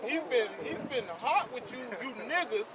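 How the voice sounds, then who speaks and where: Supporting male preacher, high-pitched and calm, recorded outdoors over street noise. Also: normal speed. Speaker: fellow preacher.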